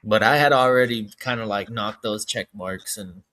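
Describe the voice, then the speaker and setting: Dude rambling about his fantasy draft, sharp bright voice. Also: lowish voice, normal speed. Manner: rambling, chatty explanations. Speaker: co-host. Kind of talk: casual chat.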